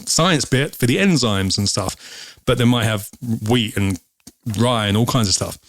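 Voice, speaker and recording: A man's voice: medium pitch, lively intonation, normal speed, fairly bright tone, dry recording. Chatty man explaining whisky. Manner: rambling, explaining with many ums. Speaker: whisky show co-host. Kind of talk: casual chat.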